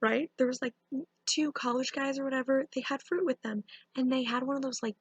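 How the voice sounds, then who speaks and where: Casting: young woman vlogger, higher voice with vocal fry and husky edge, chatty storyteller, dry close recording. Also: brisk, no echo, dull audio. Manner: animated, lots of fillers like "like" and "um". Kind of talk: casual storytime.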